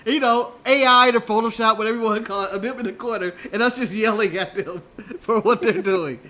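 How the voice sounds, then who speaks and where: A man's voice: high voice, a little fast, pushed and bright. A man from the United States co-hosting a casual live stream, joking and laughing often. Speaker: co-host.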